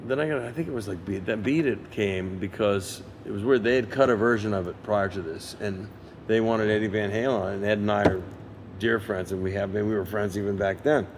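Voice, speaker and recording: A man in his sixties, a session guitarist giving an interview, telling an anecdote with lively energy and acting out other people's lines. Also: fairly low pitch, brisk, a little hiss or hum. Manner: lively raconteur who acts out others' lines. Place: museum interview set.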